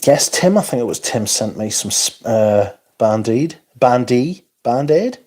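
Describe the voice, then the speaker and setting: A man's voice: on the low side, expressive, a little slow, darkish tone. Tired male streamer, rambly and self-mocking, chatting casually through viewer comments. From North East England. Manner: rambling, self-deprecating, frequent yawns and interjections. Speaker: livestream host. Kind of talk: casual livestream chat reading viewer comments.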